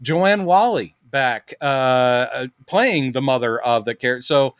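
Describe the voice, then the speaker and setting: A man's voice: mid-range voice, lively intonation, a little slow, slight background noise. A middle-aged man co-hosting a casual podcast, telling stories animatedly and acting out quotes in different voices. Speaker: podcast co-host. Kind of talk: casual chat.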